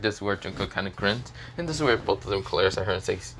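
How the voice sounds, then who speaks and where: A man's voice: fairly low pitch, expressive, fast, hardly any pauses, fairly bright tone, slight background noise. A man narrating a fan story casually, rambling with many fillers and restarts. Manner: rambling, filler-heavy, hesitant.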